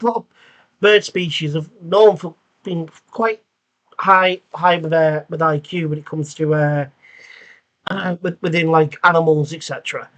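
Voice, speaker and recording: A man's voice: fairly high pitch, fairly bright tone, dull audio. A man hosting a casual chat, rambling and repeating words as he goes. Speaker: host.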